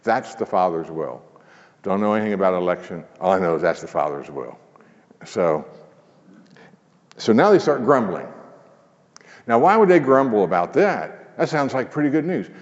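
A man preaching a sermon in an earnest, conversational way, dropping to a hush for emphasis. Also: fairly low pitch, very animated, normal speed, pauses often. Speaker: pastor. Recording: muffled sound with long hall reverb.

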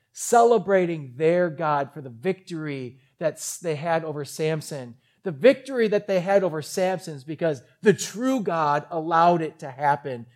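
Male pastor, high register; animated sermon storyteller who acts out the quotes.

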